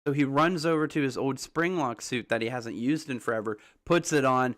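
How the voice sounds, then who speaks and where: Male streamer, casual filler-heavy rambling, average pitch, answers viewers as he goes. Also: brisk, a bit bright. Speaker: livestream host. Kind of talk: casual livestream theorizing.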